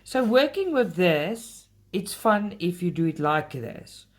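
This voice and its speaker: A woman's voice: on the low side, sing-song, takes it slowly. A woman hosting a casual craft vlog, talking straight to her viewers and getting heated when she complains. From South Africa. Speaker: cross-stitch channel host.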